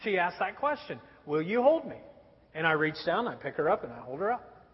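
A man in his thirties preaching a sermon, telling stories about his young children in a lively storytelling way. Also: on the high side, brisk, husky. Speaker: pastor. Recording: dull recording in a reverberant hall.

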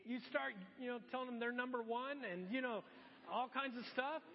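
A middle-aged male pastor with an extremely high-pitched voice preaches a sermon at normal speed in a church auditorium. He is animated, acting out exasperated asides. The dull, lo-fi recording carries a long church-hall reverb.

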